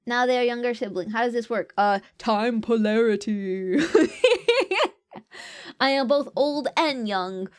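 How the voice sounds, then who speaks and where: A woman's voice: on the high side, moderate pace, few pauses, clear, resonant tone. A young woman streamer chatting casually and reading out viewer comments, playful and jokey and often laughing. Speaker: VTuber streamer.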